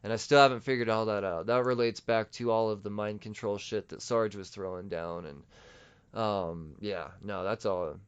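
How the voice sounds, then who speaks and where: A man's voice: lowish voice, normal speed, clean tone. Male podcaster, casual profane comic recap, clean resonant tone, muffled lo-fi recording. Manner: excited, profane, rambling with restarts. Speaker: podcast host. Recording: dull lo-fi audio.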